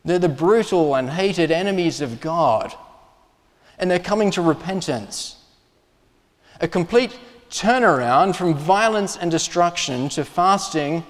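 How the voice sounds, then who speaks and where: A man preaching a sermon in a church, earnest and emphatic, with pauses and restarts. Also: on the high side, big-room sound. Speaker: pastor.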